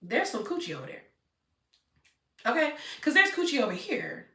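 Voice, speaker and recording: Young woman, blunt storytime vlogger, bright voice, echoey distant mic. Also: sits high, big pitch swings, moderate pace. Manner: blunt, talks straight to viewers. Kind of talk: storytime vlog. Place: room at home.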